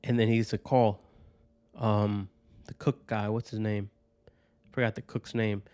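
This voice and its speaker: A man's voice: on the low side, level tone, a little slow, darkish tone, smooth, no echo. Podcast guy rambling through a story, swearing a lot, keeps saying right?, dry close sound. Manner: rambling, profane, keeps tagging lines with "right?". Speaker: podcast host. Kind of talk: casual personal monologue.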